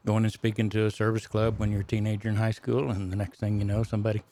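An older man from the Texas Panhandle with a Texas accent, answering in a relaxed, folksy interview style. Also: on the low side, fast, a little hiss or hum. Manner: folksy, self-deprecating storyteller. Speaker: guest, economist and speaker.

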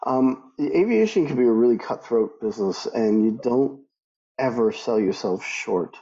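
Middle-aged male interviewee, gravelly and warm, emphatic with frequent restarts, dull lo-fi sound. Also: medium pitch, animated, moderate pace. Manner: emphatic, many restarts, voice rises when quoting others. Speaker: guest, aviation professional. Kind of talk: conversational interview answers.

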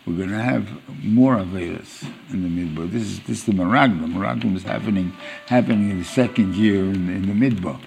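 A man giving an informal Torah lecture as a rabbi, halting and restarting as he searches for words. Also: deep voice, gravelly, darkish tone, soft background music. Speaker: rabbi teaching a weekly Torah class.

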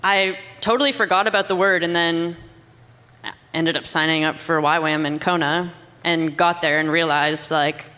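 A woman's voice: sits low, fairly even intonation, normal speed, pushed and bright, big-room sound. A young Canadian woman telling her story in a casual, rambling way, filling her speech with "like". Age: young adult. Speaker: guest. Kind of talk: casual testimony chat.

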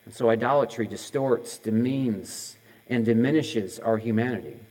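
A man's voice: mid-range voice, normal speed, darkish tone, low-quality recording. A middle-aged man preaching a sermon as a pastor. He talks conversationally, asks the audience many questions in a row and jokes about his own slips.

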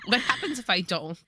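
A woman's voice: fairly high pitch, heavy background noise. A woman co-hosting a podcast, chatting casually and teasingly about a book, laughing often and swearing. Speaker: podcast co-host.

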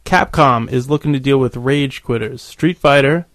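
A man's voice: mid-range voice, normal speed, dry recording. A man hosting a casual gaming podcast, laid-back and jokey. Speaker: podcast host.

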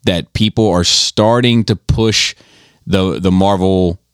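A man's voice: sits low, steady tone, slow, smooth, no echo, studio quality. A man in casual podcast chat, rambling and profane, who tells stories with animation.

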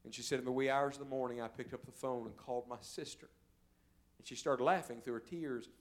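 A male evangelist preaching a sermon in a church service, telling stories and swinging from loud, urgent calls to quiet, hushed moments. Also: mid-range voice, steady tone, fairly quick. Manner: storytelling preacher, swells loud then drops to a hush.

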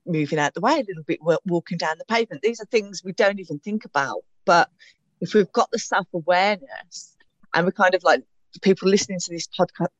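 A woman's voice: on the low side, brisk, no echo. A woman co-hosting a podcast, thoughtful and a little rambling. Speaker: podcast co-host. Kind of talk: casual podcast conversation. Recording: dry, dull lo-fi audio.

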